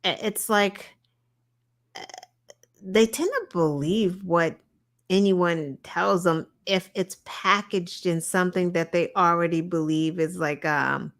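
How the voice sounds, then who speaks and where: A woman co-hosting a podcast, telling stories in a lively, animated way with swearing. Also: on the low side, takes it slowly. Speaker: podcast co-host. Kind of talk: casual chat.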